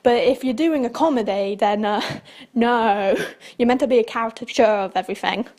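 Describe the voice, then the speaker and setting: A woman's voice: fairly high pitch, normal speed, darkish tone. A young woman hosting a channel, telling a rambling story in casual chat and laughing often as she talks. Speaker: channel host.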